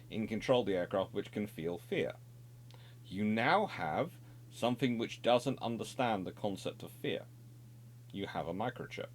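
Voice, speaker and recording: Lively-voiced male naval history presenter. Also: lowish voice, a little hiss or hum. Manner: discursive, self-correcting, wry asides. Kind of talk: unscripted explanatory monologue.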